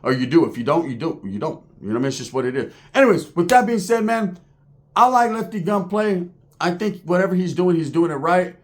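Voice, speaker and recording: A middle-aged man giving a casual commentary rant in streetwise slang, animated and full of tangents and asides. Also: sits high, a little fast.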